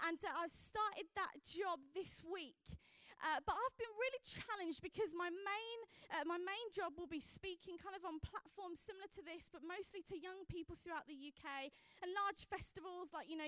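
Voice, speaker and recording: A woman's voice: very high voice, fairly bright tone, no room sound, clean studio sound. A young woman giving a chatty personal testimony from a church stage as a youth evangelist, with lots of fillers as she tells her story.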